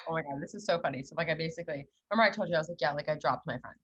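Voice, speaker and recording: Fast-talking, blunt young woman, husky. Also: low-pitched, dull audio. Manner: blunt, animated storytelling with acted-out quotes. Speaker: podcast co-host. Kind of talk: casual chat.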